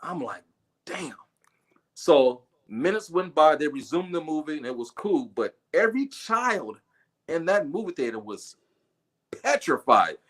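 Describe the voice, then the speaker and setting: A middle-aged man telling a movie story on a casual livestream, animated and full of swearing. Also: fairly high pitch, moderate pace. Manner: animated, profane, acts out voices. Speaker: guest storyteller.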